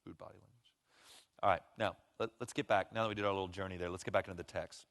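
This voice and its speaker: A man preaching a sermon as pastor, animated, acting out the voices of the people he quotes. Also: deep voice, quick pace. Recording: long reverb of a large hall.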